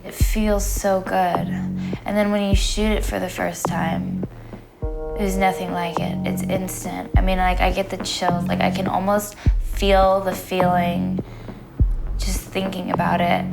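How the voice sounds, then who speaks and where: Young woman, twenties, blunt interview talk, low-ish voice, music bed underneath. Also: little pitch movement, unhurried, vocal fry. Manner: blunt and frank, with casual fillers. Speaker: former reality TV star interviewee. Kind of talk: candid interview recollection.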